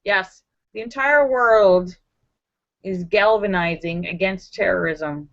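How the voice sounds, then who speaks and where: A woman hosting a casual live-stream chat, talking in an animated, emphatic, sassy way. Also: medium pitch, takes it slowly, highs cut off. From Los Angeles area. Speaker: livestream host.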